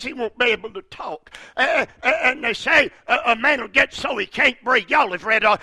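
Preacher guy, husky and raspy, super bright edgy tone, hollers the big lines, stumbles and restarts. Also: very high-pitched, dry recording. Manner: builds to fervent shouts, halting restarts. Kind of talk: fervent sermon.

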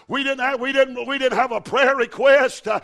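Middle-aged pastor, high gravelly voice, storytelling sermon that swells into shouted preaching. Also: male voice, fairly even intonation, moderate pace. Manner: builds to shouted preaching with "uh, uh" fillers.

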